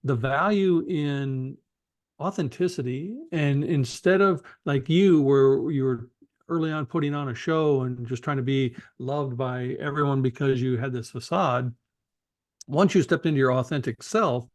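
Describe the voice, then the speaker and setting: A man's voice: medium pitch, unhurried. A man hosting a podcast, speaking earnestly and reflectively and restarting his phrases as he thinks aloud. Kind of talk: casual conversation.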